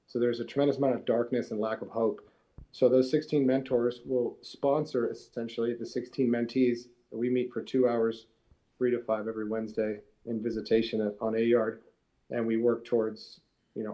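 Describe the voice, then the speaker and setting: A man's voice: mid-range voice, warm tone, low-quality recording. A man appearing as a guest on a live talk show, earnestly describing his mentoring work. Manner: earnest storytelling. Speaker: guest speaker, prison recovery mentor.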